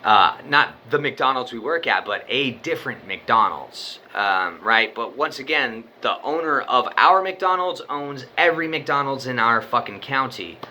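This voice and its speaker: A young man spins a story from his life in a casual, wandering way, cursing freely and leaning on "like" and "you know." His voice is very bright and sharp, sitting at an ordinary middle pitch for a man. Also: animated, measured pace, hardly any pauses, a little hiss or hum. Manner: rambling, profane, full of "like" and "you know".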